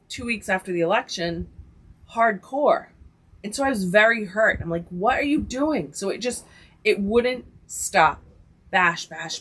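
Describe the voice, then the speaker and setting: A middle-aged woman tells a personal story on her podcast, chatty and animated. She acts out what people said and leans on "like" as she goes. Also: lowish voice. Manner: animated storytelling, many likes and quoted dialogue. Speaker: podcast host. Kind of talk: casual storytelling chat.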